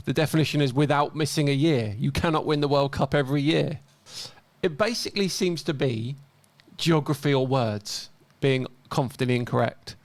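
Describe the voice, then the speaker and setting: A man's voice: mid-range voice, dry recording. A man giving casual commentary as a host, reading out posts and mocking their mistakes with dry humour. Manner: wry, mocking, chuckles at mistakes.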